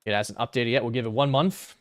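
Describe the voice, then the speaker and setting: A man's voice: mid-range voice, fast, dry recording. A young man streaming a strategy game, casually thinking aloud through his moves and muttering calculations, now and then flaring into exasperated rants. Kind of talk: casual gameplay commentary.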